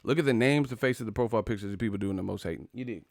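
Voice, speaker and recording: A man hosting a live chat stream, talking casually and trash-talking commenters with loud bursts and laughs. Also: fairly low pitch, very fast, creaky, dry recording, clean studio sound. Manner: brash trash talk, frequent laughing.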